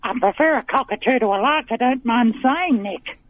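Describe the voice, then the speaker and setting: Fields: Figure: gushing grand old lady caller played by a man. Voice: very high. Line: dull phone. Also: lively intonation, normal speed, slight background noise. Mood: flirtatious. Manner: gushing, talks over the host, calls him darling. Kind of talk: comic phone-in character.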